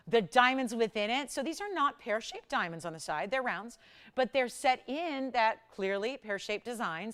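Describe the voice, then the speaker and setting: Animated woman hosting live jewelry sales. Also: a little high. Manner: animated, chatty, sells with rapid price talk. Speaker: shopping channel jewelry host. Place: television studio.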